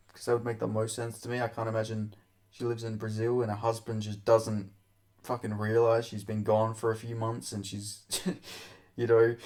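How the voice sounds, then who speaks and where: A young man hosting a casual commentary vlog, talking crudely with lots of swearing, rambling and often laughing. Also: medium pitch. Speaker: MMA commentary host.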